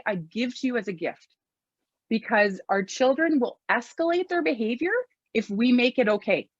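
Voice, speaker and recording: A woman's voice: on the high side, moderate pace, dry recording, dull audio. A middle-aged woman talking casually about parenting, full of fillers and acting out the phrases she quotes. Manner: chatty, lots of "like" and fillers, acts out quoted phrases. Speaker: parenting speaker. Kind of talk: casual talk.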